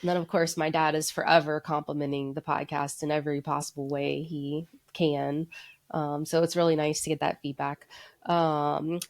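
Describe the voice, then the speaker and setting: Woman podcast host, low voice, congested with a cold, rambling casual chat. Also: flat delivery, moderate pace. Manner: loose and rambling, many fillers.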